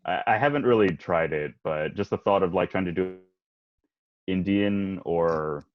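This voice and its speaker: Young guy with a really low voice, soft and hesitant, lots of ums, dry muffled lo-fi sound. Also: a little slow, no room sound. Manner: soft-spoken, hesitant with many fillers and laughs. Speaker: guest, aspiring voice actor. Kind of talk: casual interview chat. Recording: muffled, lo-fi audio.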